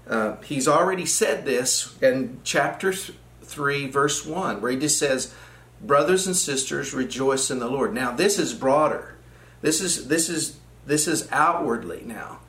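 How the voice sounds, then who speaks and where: A man teaching an evening Bible study, explaining scripture point by point. His voice sits in a middle pitch and carries a noticeable room echo. He leans on repetition to stress his points. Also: a bit bright. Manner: explanatory, repeats phrases for emphasis. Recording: echoey room.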